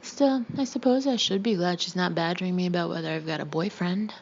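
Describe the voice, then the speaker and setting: Gravelly-voiced woman reading an audiobook. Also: fairly low pitch, fairly quick, dull audio, a little hiss or hum. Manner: reads first-person narration with light character voicing. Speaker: audiobook reader. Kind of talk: audiobook narration with character voices.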